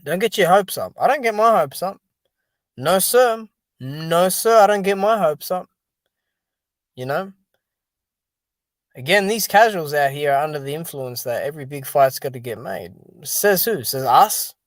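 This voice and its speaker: A man's voice: a little high, lively intonation, a little slow, no echo. A man hosting a casual solo commentary on boxing and MMA, talking to his viewers in an exasperated, dismissive way and leaning on fillers like "dude" and "man". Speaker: boxing commentary channel host.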